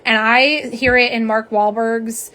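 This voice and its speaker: Streaming from home on a phone camera, a middle-aged nail polish host chats with her viewers and reads out their comments in a bubbly way. She speaks a little slowly, her fairly high voice level in tone, bright, and forceful.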